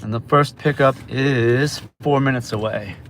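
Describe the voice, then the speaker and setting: A man's voice: mid-range voice, measured pace. A man from New York chatting casually with viewers on a livestream while he drives deliveries in his car, with road noise behind him. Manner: chatty, talks to viewers while reading orders aloud. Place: inside a car on city streets. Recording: phone mic with road noise. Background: car and traffic noise.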